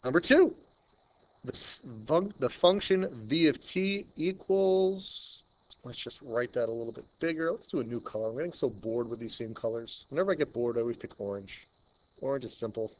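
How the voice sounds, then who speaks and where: A man with a Long Island accent teaching a math lesson, chatting and thinking out loud as he works through problems. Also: medium pitch, expressive, moderate pace, a little hiss or hum, low-quality recording. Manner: chatty, thinks aloud while working problems. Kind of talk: screen-recorded math lesson.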